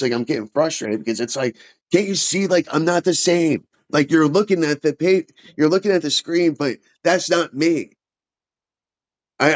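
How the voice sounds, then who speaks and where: A man venting about his care as a veteran, agitated and halting, restarting and swearing often. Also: medium pitch. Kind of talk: casual emotional chat. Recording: dull lo-fi sound.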